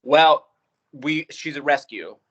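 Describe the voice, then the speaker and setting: A man in his forties, a guest on a casual podcast, talking relaxed and joking with many fillers. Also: a little high, slow pace, muffled recording. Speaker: actor, guest. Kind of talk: casual interview chat.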